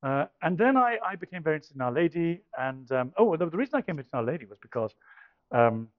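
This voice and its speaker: A man's voice: a little high, very animated, quick pace, no echo. An older man tells a personal story, hesitant and self-deprecating, with frequent restarts and dry humour. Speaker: speaker giving a personal testimony. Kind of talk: storytelling talk. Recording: dull dry recording.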